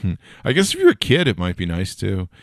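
Low-voiced rambling male podcast host. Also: wildly swooping pitch, fast, no room sound, clean studio sound. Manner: rambling, jokey asides with many fillers. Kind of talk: casual tech news talk.

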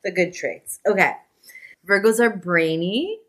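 A woman's voice: on the low side, unhurried. A woman guest on a chat podcast, telling stories and often breaking into giggles. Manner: giggly, laughs through her stories. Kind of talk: casual chat.

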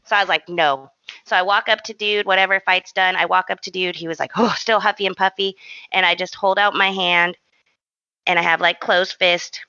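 A young adult woman co-hosting a podcast, telling a story in an animated, slangy, self-mocking way. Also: on the low side, moderate pace, no echo, highs cut off. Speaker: podcast co-host. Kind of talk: casual storytelling chat.

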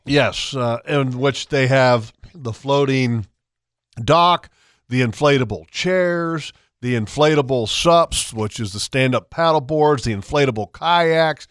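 A man hosting a talk radio show, chatty and upbeat as he reads a sales pitch. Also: slow pace, fairly bright tone, no echo, clean studio sound. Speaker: radio host.

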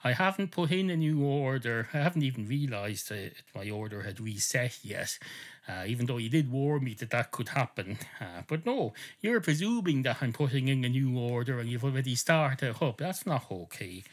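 A sharp-witted, indignant cat at a bar counter, as a man puts him on. He objects fast and pointedly, his voice jumping up and down in pitch. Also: animated, natural voice. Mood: prickly. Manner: prickly, quick to object.

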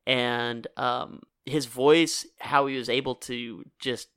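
Chatty man with a smooth voice. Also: medium pitch, takes it slowly, dry recording, studio quality. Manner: animated, laughing, chatty. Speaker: podcast co-host. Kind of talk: casual chat.

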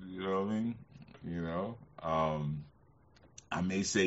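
A man hosting a casual livestream rambles, laughs often and uses plenty of fillers. His voice sits low and slow, and the sound is lo-fi and slightly muffled.

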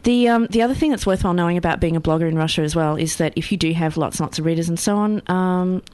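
A woman's voice: lowish voice, quick pace, darkish tone, dry recording. A woman co-hosting a casual podcast chat, wry and teasing. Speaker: podcast co-host.

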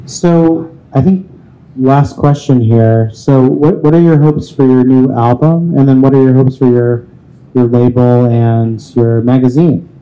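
A man's voice: medium pitch, fairly even intonation, a little slow, dark tone, low-quality recording. A man hosting a live interview in a bar, briefly wrapping up with a last question. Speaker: podcast host.

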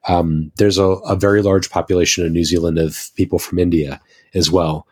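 A man's voice: deep voice, level tone, normal speed, darkish tone, slightly rough. An American man in casual podcast chat, an enthusiastic and rambling storyteller. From United States.

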